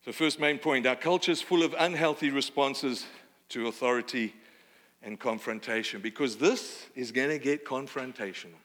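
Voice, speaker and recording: Australian preacher in a reverberant hall. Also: male voice, medium pitch, normal speed. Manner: animated, conversational preaching with playful asides. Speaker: pastor. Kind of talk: sermon.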